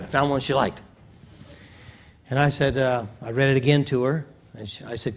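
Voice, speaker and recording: A man's voice: medium pitch, steady tone, normal speed, pauses often. A man preaching a sermon in a church, telling a story in a folksy way and acting out its scenes. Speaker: pastor.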